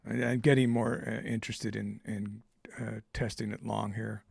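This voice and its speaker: A man giving live trading commentary. He thinks aloud in a halting way, with many fillers. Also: on the low side, flat delivery, vocal fry, a little mellow, slightly rough, no echo, clean studio sound. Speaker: trader streaming live.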